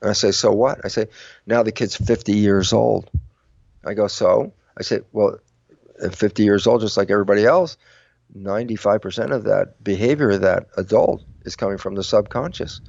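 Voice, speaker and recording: A man's voice: fairly low pitch, moderate pace, vocal fry, a little mellow, dry recording. An older man, a guest on an interview show, explaining at length and acting out both sides of imagined conversations. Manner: acts out both sides of his own dialogues, shifting voice for quoted speakers. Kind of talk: animated interview talk. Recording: dry, muffled lo-fi sound.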